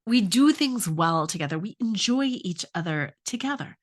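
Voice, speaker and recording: A middle-aged woman gives relationship coaching, earnestly asking many questions and sharing a personal story. Her mid-range voice is animated and moves at a moderate pace.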